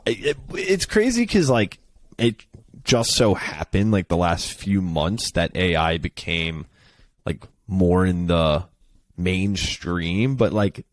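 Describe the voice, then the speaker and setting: Laid-back young man, very low voice. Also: no echo. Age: young adult. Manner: relaxed, lots of filler "like". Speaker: podcast co-host. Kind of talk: casual chat.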